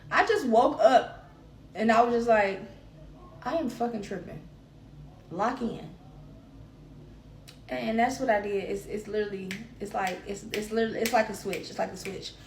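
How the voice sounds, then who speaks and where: Woman podcast host, candid personal monologue, emphatic with repetition, mid pitch, roomy echo, a little off-mic. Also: steady tone, a little fast, far from the mic, a little hiss or hum.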